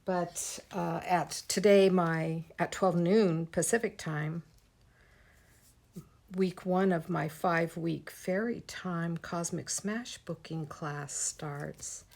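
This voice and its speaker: A woman leads a casual craft lesson on a livestream, pausing to greet viewers. Her voice is low and gravelly. She talks slowly and chattily as she works. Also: fairly even intonation, darkish tone. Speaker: art teacher.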